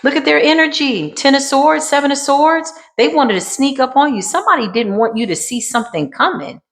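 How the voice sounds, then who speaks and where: A woman giving a dramatic tarot card reading in a sassy way, dropping to a hush and then rising to emphatic bursts. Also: high voice, expressive, brisk. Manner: sassy, dramatic, swings between hushed and emphatic. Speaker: tarot reader.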